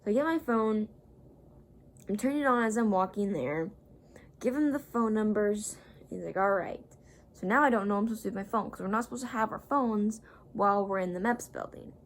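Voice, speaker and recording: A woman's voice: mid-range voice, brisk. Young woman rambling through a storytime. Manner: rambling, animated retelling with quoted voices. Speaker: vlogger. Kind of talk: casual storytime.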